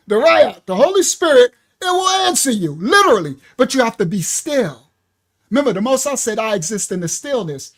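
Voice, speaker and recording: A woman from New York preaching a spiritual teaching, laughing often, calling out to listeners by name and slowing down to stress key words. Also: high-pitched. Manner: slows down to stress single words. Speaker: minister. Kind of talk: livestreamed sermon teaching.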